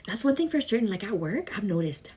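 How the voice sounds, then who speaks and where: A chatty young woman vlogging casually while doing her makeup, laughing often and quoting herself in a higher voice. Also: very animated, fast, darkish tone, slight background noise.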